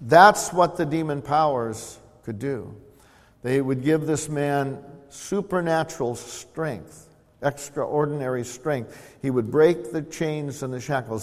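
A man's voice: lively intonation, a little slow. A man preaching an expository sermon, earnestly explaining scripture and calling on the congregation to respond. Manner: swells louder reading scripture, drops low to explain. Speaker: pastor. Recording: long hall reverb.

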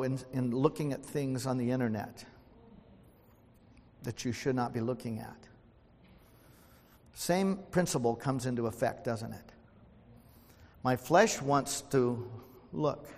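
A man's voice: mid-range voice, a little mellow. Older male preacher, homespun illustrations, asks the room for amens; recorded in a reverberant sanctuary. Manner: folksy storytelling, calls for amens. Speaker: pastor. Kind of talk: sermon. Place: church sanctuary. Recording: long hall reverb.

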